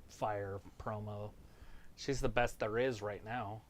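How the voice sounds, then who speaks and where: A man chatting casually during a watch-along stream and offering firm opinions in a relaxed tone. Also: on the low side, takes it slowly.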